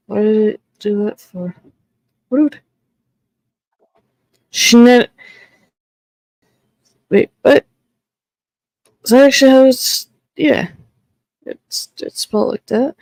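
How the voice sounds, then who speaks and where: A woman's voice: mid-range voice, mellow, no room sound, poor audio. A woman giving casual commentary on a podcast, thinking aloud and swearing freely. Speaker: podcast reviewer.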